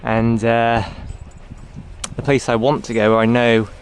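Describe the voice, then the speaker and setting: A man's voice: mid-range voice, little pitch movement, measured pace. Chatty man vlogging outdoors. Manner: rambling, chatty, talks to his dog. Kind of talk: casual walking vlog. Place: outdoors on a roadside walk. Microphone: handheld camera. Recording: noisy outdoor recording. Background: outdoor noise, dog.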